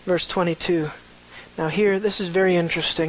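A man preaching a verse-by-verse Bible teaching, animated and conversational, full of rhetorical questions. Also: high-pitched, moderate pace, slight background noise, rough recording.

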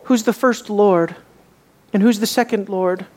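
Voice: medium pitch, measured pace, darkish tone. A preacher giving an expository sermon in a conversational way, asking the audience many rhetorical questions and repeating phrases for emphasis.

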